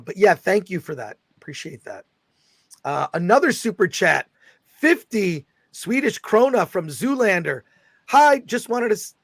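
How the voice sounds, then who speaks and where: A middle-aged man hosting a casual livestream chat, excitably reading viewer comments aloud. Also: high-pitched, dry recording. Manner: excitable, reads viewer super chats aloud. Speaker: host.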